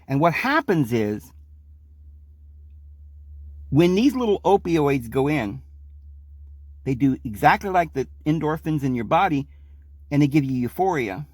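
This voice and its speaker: Animated, rambling male podcaster. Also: fairly high pitch, measured pace, long pauses, no room sound, studio quality. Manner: rambling, emphatic, acts out quoted voices. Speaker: podcast host. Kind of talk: casual monologue.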